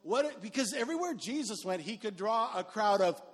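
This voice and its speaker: A middle-aged male pastor preaching a sermon in an animated, conversational way with joking asides. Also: high voice, moderate pace. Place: church sanctuary. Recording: reverberant hall with faint music.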